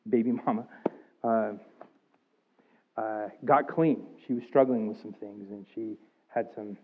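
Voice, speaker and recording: A man in his thirties preaching a sermon, earnest and confessional, rising to emphatic outbursts. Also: medium pitch. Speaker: pastor. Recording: thin phone-like sound.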